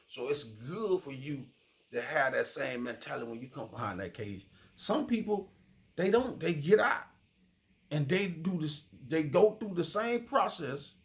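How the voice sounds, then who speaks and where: Gravelly streetwise man commenting casually. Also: on the high side. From Miami. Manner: streetwise, repeats "you feel me" often. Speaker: true crime commentator.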